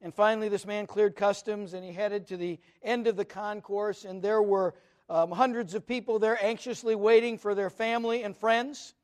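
A man's voice: high-pitched, steady tone, moderate pace. A middle-aged man, a pastor, giving an earnest, conversational sermon that mixes personal stories with teaching.

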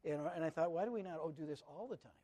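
A man's voice: a little high, very fast, warm tone. A middle-aged man, a pastor, giving an earnest, conversational sermon that mixes personal stories with teaching.

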